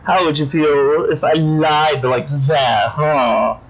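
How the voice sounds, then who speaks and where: A petulant, childish villainess, as a man puts her on for a game, who squeals and sulks in a high, pinched voice. She pouts through every line. The recording is dull and lo-fi, with faint hiss. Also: fairly even intonation, slow, vocal fry. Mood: petulant whiny. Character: whiny childish female villain.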